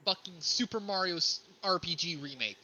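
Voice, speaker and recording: A man co-hosting a podcast, chatting casually about video games, excitable and swearing freely. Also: high voice, moderate pace, low-quality recording. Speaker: podcast co-host. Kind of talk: casual gaming chat.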